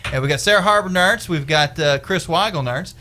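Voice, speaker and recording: A man's voice: a little high, a little fast, sharp tone. A man hosting a radio show, bantering casually and jokingly with his co-hosts in the studio. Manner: jokey, with frequent fillers.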